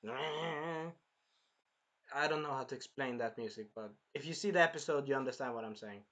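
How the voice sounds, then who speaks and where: Excitable man recapping an anime episode. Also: fairly high pitch. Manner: excitable, swears then apologizes, acts out scenes. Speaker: anime reviewer.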